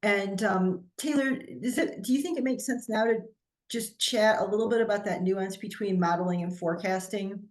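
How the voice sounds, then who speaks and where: A woman's voice: medium pitch, moderate pace. A woman guest on a video call, talking through finance points in an explanatory way, often restarting her phrases. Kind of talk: casual video call discussion.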